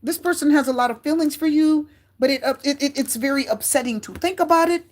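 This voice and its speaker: Tarot reader, woman, high-pitched, chatty and repetitive, talks straight to viewers. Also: fast talker. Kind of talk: casual tarot reading to camera.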